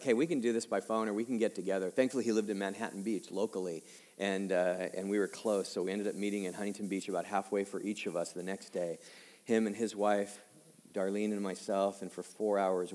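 A male pastor in his fifties preaching a personal-story sermon conversationally, dropping quiet and slow for heavy moments and rising for emphasis. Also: deep voice, little pitch movement. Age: 50s. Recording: long hall reverb.

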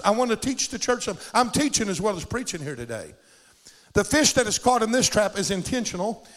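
Man, preacher, high-pitched, swooping delivery, exuberant, ringing hall reverb. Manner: exuberant, calls for amens, shouts bursts of praise. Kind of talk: animated sermon.

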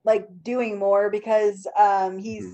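A woman's voice: medium pitch, little pitch movement, takes it slowly, warm tone. A young adult woman co-hosting a podcast, talking casually with many fillers and frequent laughs. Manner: chatty, laughs often, filler-heavy. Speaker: podcast co-host. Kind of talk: casual chat.

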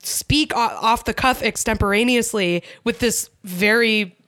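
A woman co-hosting a podcast in casual chat, talkative and quick to laugh, with lots of fillers. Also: on the high side, a bit bright, no echo, studio quality. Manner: chatty, laughs often, many fillers. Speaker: podcast co-host.

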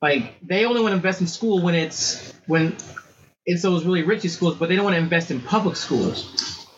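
A man co-hosting a podcast, giving opinions on politics and schools in a halting way with many restarts. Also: sits high. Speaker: podcast co-host. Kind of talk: casual podcast chat. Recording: dull lo-fi sound with faint background noise.

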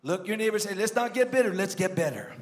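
A man preaching a sermon as a guest pastor, swinging from emphatic shouts to low joking asides to the congregation. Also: animated, quick pace. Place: church sanctuary. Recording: long church reverb.

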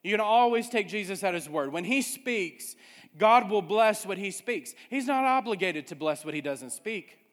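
High-voiced preaching man in a reverberant hall. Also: expressive, moderate pace, fairly bright tone. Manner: emphatic preaching with repeated refrains. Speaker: pastor. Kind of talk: sermon.

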